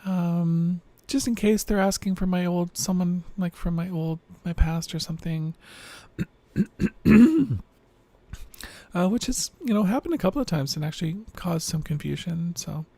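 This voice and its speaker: A woman with a low, androgynous voice that reads as mostly male, rough and full of vocal fry, records a loose, rambling video diary late at night. She's reflective and self-deprecating, and though tired after a long day, she stays animated at a normal speed with long pauses. The tone is dark and the recording has no room sound.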